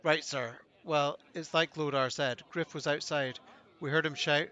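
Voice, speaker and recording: A man's voice: fairly high pitch, fairly even intonation, a little slow, sharp tone, lo-fi sound. A man voicing a plain-spoken male witness in a video game. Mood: blunt.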